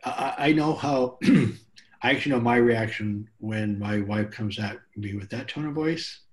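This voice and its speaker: A man's voice: mid-range voice, unhurried. A man hosting a podcast interview, speaking in a candid, curious and conversational way. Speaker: podcast host.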